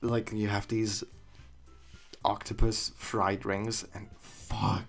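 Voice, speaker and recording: A man's voice: on the low side, little pitch movement, slow, vocal fry, faint music behind. A young man giving rambling, casual commentary on a game he is playing, swearing freely and laughing at his own jokes. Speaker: let's play gamer.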